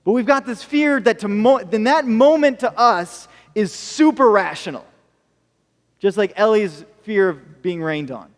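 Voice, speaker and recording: Male American pastor, lightly comic sermon storyteller, high voice, long hall echo. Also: unhurried. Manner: storytelling, jokey asides. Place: church hall.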